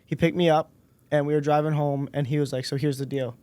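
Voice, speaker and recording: A man in his twenties, a podcast guest, telling a personal story in a relaxed way and acting out the dialogue. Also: a little high, quick pace, smooth, no room sound. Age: 20s. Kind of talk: casual storytelling interview.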